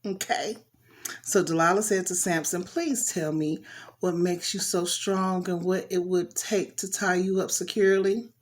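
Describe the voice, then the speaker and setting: A woman's voice: lowish voice, fairly even intonation, measured pace. Chatty woman reading scripture. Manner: chatty, talks back to the story with slang asides. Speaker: Bible reader and commentator. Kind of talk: casual Bible reading with asides.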